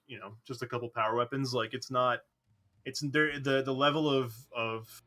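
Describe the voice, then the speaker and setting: A man's voice: mid-range voice, sharp tone. A man, an esports player, talking animatedly in a post-match interview, rambling with lots of fillers.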